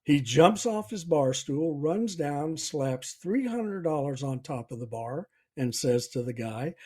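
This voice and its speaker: A host tells a story in an unhurried, folksy way. His voice is mellow and slightly husky, and his pitch rises and falls a lot. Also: lively intonation. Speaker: podcast host. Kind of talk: storytelling and self-help talk.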